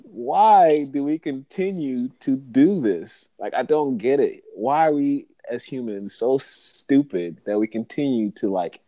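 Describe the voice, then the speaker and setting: A man hosting a podcast, telling a story with animated jokes, swearing and laughter in a casual chat. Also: mid-range voice, measured pace, few pauses, dry recording. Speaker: podcast host.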